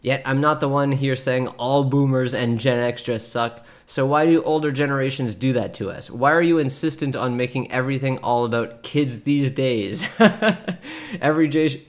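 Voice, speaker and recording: A man in his thirties, mid-pitched, talking through posts in a loose, chatty streamer way. He laughs often and breaks into quick asides while reading aloud. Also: expressive. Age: 30s. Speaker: streamer reacting to online posts. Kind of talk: casual reaction commentary.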